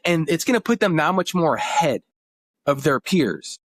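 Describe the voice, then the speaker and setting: A man's voice: a little high, sing-song, moderate pace, no room sound, clean studio sound. A man in his thirties, a podcast guest, telling family stories in an earnest, emotional way. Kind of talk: casual interview talk.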